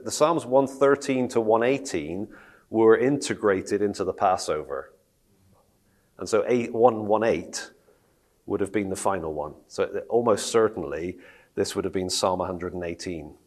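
A man teaching a Bible study in a conversational way, reading scripture aloud and asking the group questions. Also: low-pitched.

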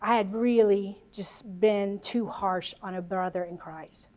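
A woman's voice: medium pitch, steady tone, a little slow, a little mellow. An American woman preaching a sermon to a congregation, earnest and emotional, with chatty asides. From United States.

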